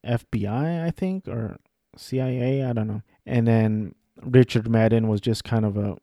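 A man's voice: mid-range voice, moderate pace, warm tone, no echo, clean studio sound. A young man in casual chat about films he has watched, rambling and correcting himself as he goes. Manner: rambling, self-correcting, offhand. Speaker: vlogger.

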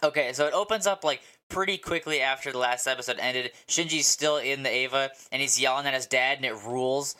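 A man co-hosting a podcast, rambling excitedly through a casual episode recap with lots of fillers and swearing. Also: medium pitch, fairly quick, hardly any pauses. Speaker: podcast co-host.

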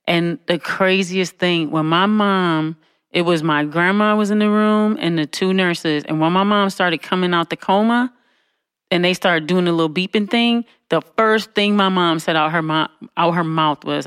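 A woman's voice: on the low side, moderate pace, fairly bright tone, clear, resonant tone, dry recording. Woman co-host, chatty storyteller who acts out quotes with laughs, recorded dry. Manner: conversational, with frequent "you know what I'm saying". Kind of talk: casual storytelling chat.

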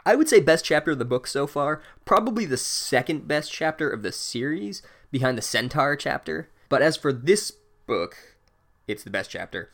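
A young man giving a sarcastic, profane comedic recap of a book chapter in a deadpan voice. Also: on the high side, normal speed.

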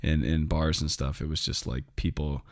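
A low-voiced man shares a story from his time in clerics, telling it in an animated, conversational way. His speech is casual and relaxed, with a few fillers. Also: moderate pace, dry recording, studio quality. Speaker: priest co-host.

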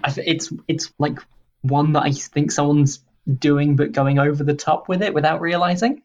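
A man's voice: on the high side, steady tone, moderate pace, lo-fi sound. A man co-hosting a podcast in casual chat over a remote call, making dry, wry remarks.

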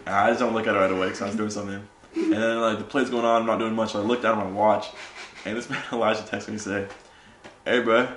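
A young man, a podcast host, telling animated stories in casual chat and saying "bro" a lot. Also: lowish voice, racing, echoey room, a little hiss or hum. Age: young adult.

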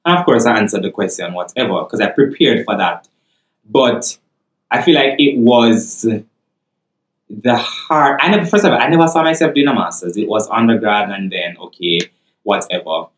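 A man with a Jamaican accent chatting on a podcast, telling a story with animated, laughing delivery. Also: lowish voice, normal speed, echoey room, poor audio. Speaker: podcast co-host. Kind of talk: casual podcast chat.

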